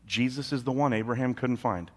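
A male pastor preaching a sermon, telling a story with big swings from loud and high to low and quiet. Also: fairly quick. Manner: animated storytelling with sudden jumps in pitch and volume; drops low and quiet on solemn points.

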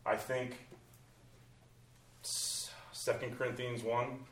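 A man preaching, his voice carrying through a roomy church hall, picked up from a distance off the mic. His pitch sits in an ordinary middle range. He swings from bright, loud exclamations down to soft, hushed passages. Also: little pitch movement, slow. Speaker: pastor. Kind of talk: sermon.

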